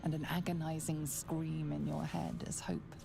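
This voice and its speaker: A solemn game narrator speaks in a hushed whisper, very low and heavily gravelly. Clear game music sits behind her. Her delivery stays slow and measured. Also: flat delivery.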